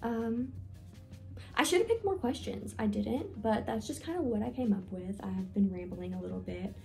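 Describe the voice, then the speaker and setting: A woman's voice: mid-range voice, lively intonation, moderate pace, gravelly, dark tone, soft background music. A young woman talking casually in a get-to-know-me vlog, rambling with lots of fillers and self-deprecating asides. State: nervous, with hiccups. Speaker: vlogger.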